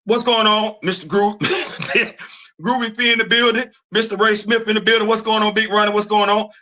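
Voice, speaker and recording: A man with a high, pushed, bright voice rants to camera in a casual opinion video, keeping a fairly even intonation at a moderate pace. He comes across as preachy and scolding, repeating himself often.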